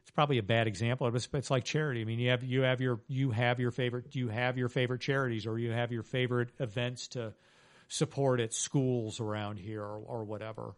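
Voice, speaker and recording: A man's voice: mid-range voice, steady tone, fast, dry recording. A man who wrote a book, talking casually as a podcast guest, rambling with many restarts and fillers. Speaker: author guest. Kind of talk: casual interview talk. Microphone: podcast microphone.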